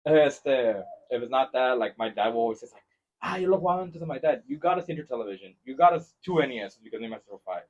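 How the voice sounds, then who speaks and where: A man hosting a podcast in casual chat, mixing English and as he tells animated stories. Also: medium pitch, quick pace. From Mexico-Texas border region. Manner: switches between English and Spanish, animated storytelling. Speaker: podcast host. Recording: lo-fi podcast recording.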